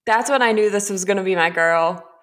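A woman's voice: mid-range voice, a little fast, a bit bright. A woman guest on a podcast, joking playfully and giggling in casual chat.

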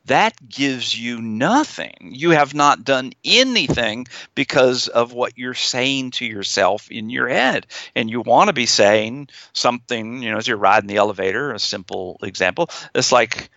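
A man's voice: medium pitch, lively intonation, a little slow, vocal fry, hardly any pauses, sharp tone, no room sound. A middle-aged male psychologist explaining therapy in an interview, acting out anxious inner voices as examples. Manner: acts out fearful inner voices. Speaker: psychologist guest. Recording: slightly dull, dry sound.

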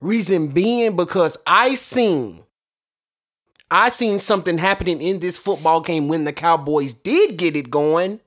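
A male co-host with a medium-pitched voice who talks slowly and deliberately. He lays out his case about the game point by point, checking each item off. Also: a bit bright. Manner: methodical, lists points. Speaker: sports talk co-host. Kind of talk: measured sports opinion.

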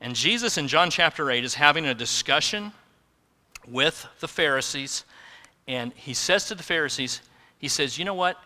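A man preaching a sermon in earnest, building to emphatic peaks and then dropping low and slow. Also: expressive, bright, forceful tone, long reverb tail. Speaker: pastor.

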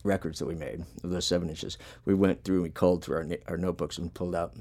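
A low-pitched, creaky, darkish voice delivered flatly at a quick pace. This podcast host and punk musician chats casually, rambling through long, relaxed stories crammed with profanity and filler words.

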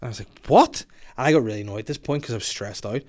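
A man's voice: medium pitch, racing. A young man hosting a podcast, telling a crude comic story with plenty of swearing and laughter. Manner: swearing, laughing, animated retelling. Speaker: podcast host.

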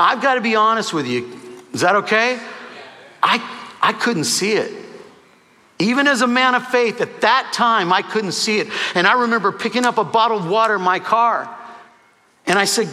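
A man's voice: sits high, sharp tone. A man preaching, telling a personal testimony with emotional storytelling and quoted dialogue. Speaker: pastor. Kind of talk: sermon testimony. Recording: hall reverb.

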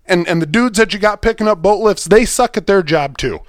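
A man's voice: high voice, expressive, a little fast, no room sound, clean studio sound. A man co-hosting a podcast, ranting and telling a story in profane casual chat. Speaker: podcast co-host. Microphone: studio mic.

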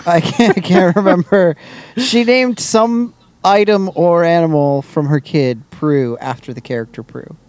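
A man in casual podcast chat, giggly and animated. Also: fairly high pitch, unhurried, no echo. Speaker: podcast co-host.

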